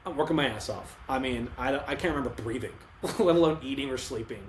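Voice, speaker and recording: A man's voice: mid-range voice, fast talker. Rambling young man in an echoey room. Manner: rambling, restarts often, emotional retelling. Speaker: podcast co-host. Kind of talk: casual podcast conversation. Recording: echoey room, faint ambient noise.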